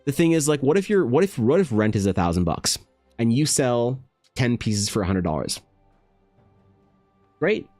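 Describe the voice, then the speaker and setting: A man's voice: normal speed, long pauses, no echo, studio quality. Rambling, profane man with faint music. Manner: loose, profane storytelling full of "like" and "bro"; slides into animated high-pitched voices for quoted people. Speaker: artist streaming while drawing. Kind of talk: casual rambling chat.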